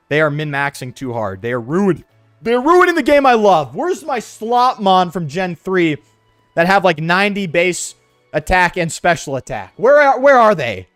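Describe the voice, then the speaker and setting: Lively high-voiced man ranting while gaming. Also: dry recording. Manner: animated, slangy, ranting. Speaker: streamer. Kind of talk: casual live-stream chat while gaming.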